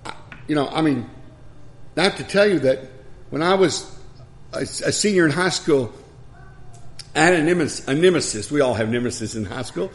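A man's voice: fairly high pitch, normal speed. An older man preaching a sermon in a conversational way, with asides and little laughs at himself.

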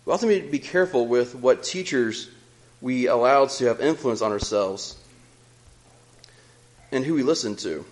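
A young man preaching a sermon in an earnest, measured way, reading scripture aloud between his own remarks. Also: mid-range voice, animated, rough recording.

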